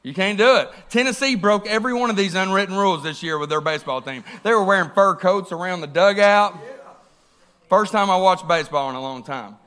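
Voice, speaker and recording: This church sermon comes from a man whose voice sits high with a bright, forward ring, delivered a little fast. Animated and questioning, he frequently addresses the congregation directly with questions.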